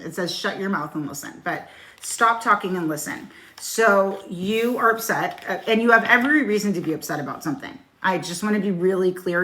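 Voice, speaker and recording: A woman's voice: on the low side, bright, forceful tone. A middle-aged woman giving a casual live-stream tarot reading, talking frankly and swearing freely as she addresses viewers by name. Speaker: tarot reader. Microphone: phone.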